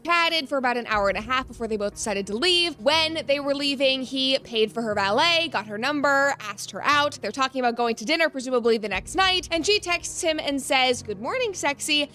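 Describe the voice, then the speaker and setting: Shrill nasal woman, loud and bright. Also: expressive, a little fast, few pauses, soft background music. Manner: loud, near-shouting delivery. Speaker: online commentary host. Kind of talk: scripted video commentary.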